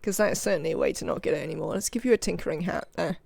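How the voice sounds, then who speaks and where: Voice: medium pitch, rapid-fire, vocal fry, a little mellow, dry recording. A UK streamer giving chatty let's-play commentary, thinking aloud and talking to the game's characters. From United Kingdom. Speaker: live game streamer.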